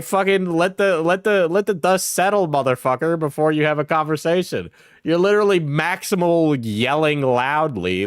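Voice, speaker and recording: A man's voice: fairly high pitch, clear, resonant tone, no echo, clean studio sound. A man reacting to a clip as a streamer, mocking and profane, with bursts of laughter. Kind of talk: reaction commentary.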